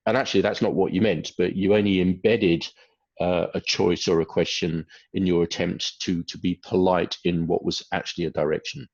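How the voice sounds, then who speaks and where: A man's voice: deep voice, fairly even intonation, fairly quick. A man giving a webinar lecture, speaking hesitantly with many fillers. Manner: hesitant, many fillers, acts out quoted phrases. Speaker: webinar presenter on behaviour. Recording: dull lo-fi webinar audio.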